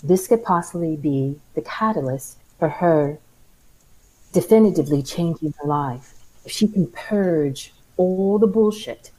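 A woman speaking as a guest on a casual talk show, measured and careful to be tactful. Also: on the low side, dark tone, rough recording. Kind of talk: casual call-in chat.

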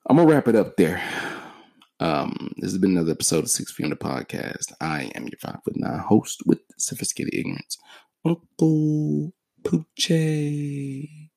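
A man's voice: sits low, very animated, fairly quick, vocal fry, a little mellow, no room sound. A man in his thirties hosting a solo podcast, telling stories in a profane, joking, laid-back way. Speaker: podcast host. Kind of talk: casual solo podcast storytelling.

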